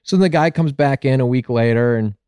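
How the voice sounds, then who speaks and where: A man's voice: a little fast, a little mellow, clear, resonant tone, no echo. A man on a podcast telling a long joke in casual chat, rambling and acting out the characters. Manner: rambling storyteller, acts out voices with big pitch jumps. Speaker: podcast co-host.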